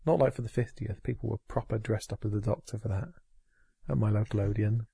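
A man on a podcast, talking in a rambling, sweary, sarcastic way. His voice has a gravelly fry and a husky edge. The sound is close and dry, with no room around it. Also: lowish voice, fairly even intonation, a little fast, dark tone, no echo. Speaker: podcast co-host. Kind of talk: casual chat.

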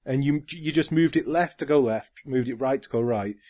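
A man's voice: mid-range voice, moderate pace, dark tone. A man co-hosting a casual podcast chat, earnestly explaining things at length with ums and restarts. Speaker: podcast co-host.

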